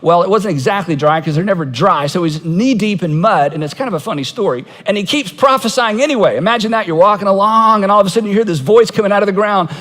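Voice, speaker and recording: In a large hall, a man preaches a sermon as pastor, his voice sitting high and a bit bright, moving quickly with hardly any pauses. He tells stories conversationally and acts out quoted voices with humor.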